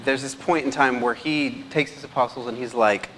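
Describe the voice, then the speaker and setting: A man's voice: medium pitch, steady tone, moderate pace, hardly any pauses, a bit bright. Man, teacher, casual slide talk, chatty, long hall reverb, faint background noise. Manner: chatty, checks in with the audience a lot. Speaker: teacher giving a presentation.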